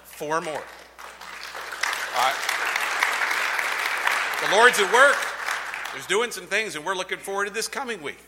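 A man's voice: sits high, lively intonation, unhurried, long pauses, heavy background noise. A man, the host pastor, giving upbeat church announcements and introducing the next speaker. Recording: echoey hall, faint crowd.

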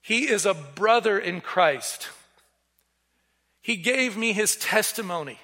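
A man's voice: high-pitched, expressive, slow, bright, forceful tone. A man preaching a sermon, telling a story earnestly and acting out the voices of the people in it. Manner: earnest, acts out quoted voices. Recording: reverberant hall.

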